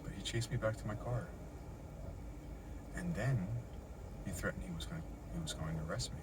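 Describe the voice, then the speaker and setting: A man's voice: deep voice, fairly quick, heavy background noise. Shaken middle-aged man venting in his car. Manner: agitated, repetitive, swearing. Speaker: vlogger recounting an encounter. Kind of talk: agitated first-person account. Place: inside a parked car in a parking lot.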